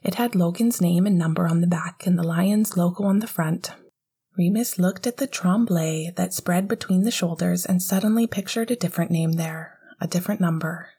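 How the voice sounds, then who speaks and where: A woman narrating an audiobook in a soft, half-whispered voice. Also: fairly low pitch, moderate pace, slightly rough.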